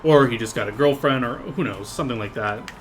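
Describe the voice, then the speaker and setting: A man's voice: medium pitch, fast, slight background noise. A man narrating as game master in a casual, rambling way with lots of fillers.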